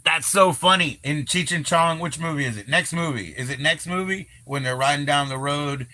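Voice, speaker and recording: Bright, loose-talking man on a livestream. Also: fairly high pitch, normal speed, dry recording. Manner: loose, swearing, laughs often, lots of fillers. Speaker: livestream host. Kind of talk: casual rambling livestream chat.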